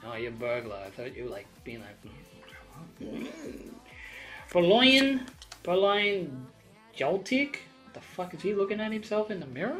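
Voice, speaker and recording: Excitable, foul-mouthed woman opening card packs. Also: low-pitched. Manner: excitable, swearing a lot, loud bursts of excitement. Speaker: channel host opening trading card packs. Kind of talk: casual unboxing vlog.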